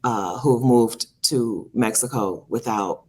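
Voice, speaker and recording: A woman co-hosting a casual chat who speaks in a measured way and often answers with "mm-hmm.". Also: very deep voice. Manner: measured, with frequent "mm-hmm" backchannel. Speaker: co-host.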